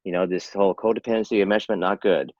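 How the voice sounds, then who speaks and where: An older man in his sixties with a very low voice rattles through his points quickly, earnest and persuasive and often restarting his sentences. The sound is dry and dull, like lo-fi video call audio. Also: steady tone, a little mellow, no room sound. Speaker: interventionist guest. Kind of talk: casual interview talk.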